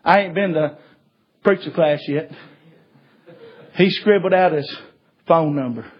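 A man preaching a sermon, telling stories fervently and rising to shouts. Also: a little high, a little slow, breathy edge, highs cut off. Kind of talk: sermon with storytelling.

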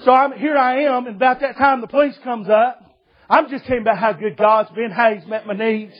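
A man preaching a sermon testimony, telling a lively story and acting out the voices of the people in it. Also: very high voice, brisk, highs cut off.

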